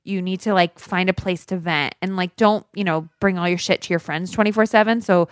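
A woman in her thirties co-hosting a podcast, giving frank advice in casual, animated chat and swearing freely. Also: on the low side, fairly quick, dry recording, clean studio sound. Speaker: podcast co-host.

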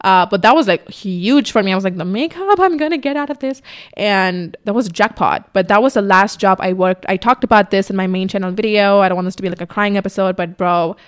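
A woman's voice: medium pitch, steady tone, brisk, hardly any pauses, clear, resonant tone. A young woman hosting a casual podcast, telling her own story in a candid, chatty way, swearing freely and mimicking herself in quotes. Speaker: podcast host. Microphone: camera on a tripod in front of her.

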